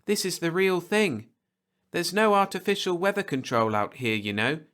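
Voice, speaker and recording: A man reading a storybook aloud, voicing a proud, fiery young frontier woman who talks in a sharp, lecturing way. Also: high voice, normal speed, voice pushed up. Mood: brisk, practical.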